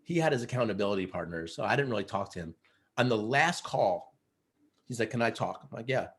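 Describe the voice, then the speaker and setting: A man coaching other men, telling stories in a casual interview, earnest and animated, with many fillers like "you know" and "like". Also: lowish voice, brisk. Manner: earnest, animated storyteller who acts out quotes. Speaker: guest, men's coach.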